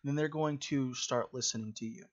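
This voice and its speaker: Man, preacher, sermon, conversational, filler words, middle pitch, muffled lo-fi sound. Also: normal speed.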